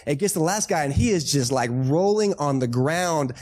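A man's voice: a little high, animated, normal speed, darkish tone. A pastor with a Texan accent preaching a sermon in church, casual and joking, asking the congregation questions as he goes. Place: church sanctuary.

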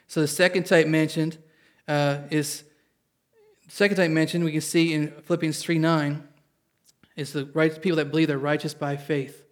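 A man's voice: on the high side, flat delivery, normal speed. A man pastor preaching a sermon at a church service. He reads scripture aloud, explains it in plain words, and calls on the congregation for an amen.

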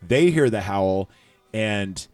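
A man's voice: fairly low pitch, lively intonation, slow pace, darkish tone, no room sound. A man hosting a casual movie recap chat, rambling with lots of fillers and profanity. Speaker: podcast host.

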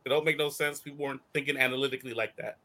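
A man's voice: mid-range voice, fairly even intonation, very fast, bright, forceful tone. A man hosting a casual call-in talk show, riffing animatedly with frequent laughs. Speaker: host. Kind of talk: casual chat.

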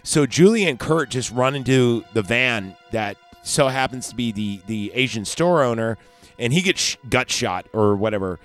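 A man hosting a casual podcast who recaps a film in a loose, rambling way, and his pitch rises and falls a lot as he tells it. He is at a middle pitch, with faint music under him. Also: expressive, moderate pace. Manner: rambling, acts out scenes in voices. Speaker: podcast host. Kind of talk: casual movie recap chat.

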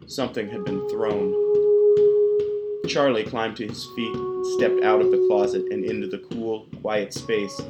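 A man narrating a dark horror story in a slow, measured storytelling voice. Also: fairly low pitch, steady tone. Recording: loud guitar music behind the voice. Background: loud plucked guitar music.

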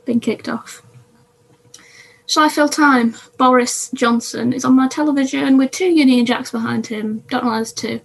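Husky high-voiced woman chatting. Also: steady tone, moderate pace. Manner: chatty, reads from notes, self-interrupting. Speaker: podcast co-host. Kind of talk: casual chat about TV.

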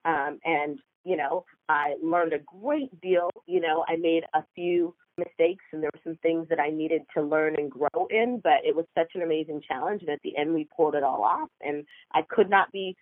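A woman's voice: sits low, normal speed, few pauses, no echo. A woman from Seattle, a TV producer, talking as a podcast guest in a chatty way with many ums and self-corrections. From Seattle, USA. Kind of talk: podcast interview. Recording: tinny phone line.

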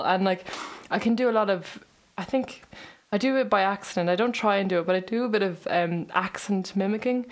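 A woman musician, a guest, spins a casual story in a middle-pitched voice. She keeps breaking into laughter as she goes, chatty and lively. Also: a little fast. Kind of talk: casual anecdote telling.

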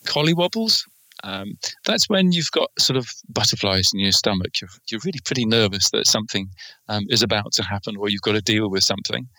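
A man's voice: lowish voice, expressive, a little fast, pushed and bright, no echo, poor audio. A man from England chatting casually in a group, explaining slang terms with lots of ums.

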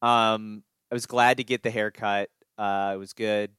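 Low smooth guy rambling about football on a podcast, dry close sound. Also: level tone, a little slow, a bit bright, no echo. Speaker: podcast co-host. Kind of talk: casual sports chat.

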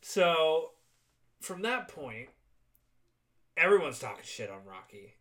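Excitable profane man recapping a movie. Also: a little high, slow. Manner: excitable, profane, acts out quotes. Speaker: podcast co-host. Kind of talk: casual movie recap chat.

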